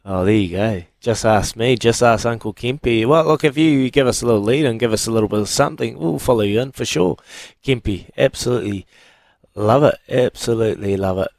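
A man's voice: medium pitch, expressive, brisk, creaky, darkish tone, dry recording. Young kiwi guy on breakfast radio, upbeat chatty banter, dry close sound. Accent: New Zealand. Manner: upbeat, chatty, laughs easily.

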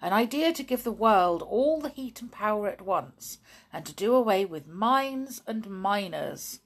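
A woman's voice: medium pitch, expressive, unhurried, voice pushed up. A woman voicing an earnest middle-aged scientist father in an audiobook, explaining in an earnest tone. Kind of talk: audiobook reading.

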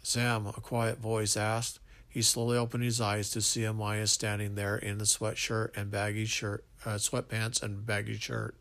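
A man's voice: on the low side, monotone, normal speed, vocal fry, fairly bright tone. A man reading a love story aloud, stumbling now and then and restarting lines. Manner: unpolished reading with slips and restarts. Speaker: narrator.

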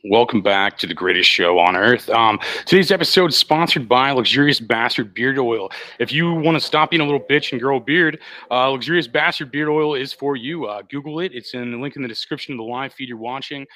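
A man's voice: medium pitch, a little fast, bright, forceful tone, no echo. A man hosting a live talk show, joking and rambling with many fillers. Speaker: podcast host. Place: restaurant.

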